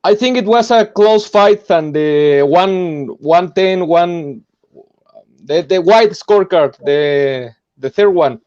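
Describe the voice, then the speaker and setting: A man on a boxing talk panel, talking casually and haltingly, repeating words. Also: high-pitched, lively intonation, darkish tone. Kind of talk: casual chat. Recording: dull lo-fi sound.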